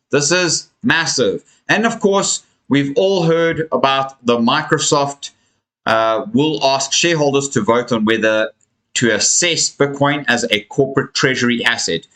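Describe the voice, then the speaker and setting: A man's voice: mid-range voice, pushed and bright, rough recording. A man hosting a casual live crypto stream, tired and yawning, chatting to viewers as friends and drawing out words for emphasis. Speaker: crypto livestream host. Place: home room with a fan running.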